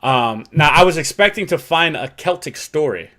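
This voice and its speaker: A man's voice: a little high, animated, moderate pace, pushed and bright. A man co-hosting a casual chat podcast, rambling and swearing freely. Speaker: podcast co-host.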